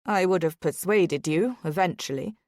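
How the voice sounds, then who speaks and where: A woman reading a calm, arrogant young nobleman in a low, quiet, even voice in an audiobook. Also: moderate pace, no echo, clean studio sound, lightly acted.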